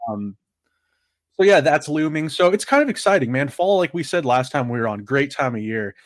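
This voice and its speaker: A man's voice: a little high, lively intonation, normal speed, no room sound. Thirties male co-host, rambling storyteller, dry close sound. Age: 30s. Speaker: podcast co-host. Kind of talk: casual sports podcast chat.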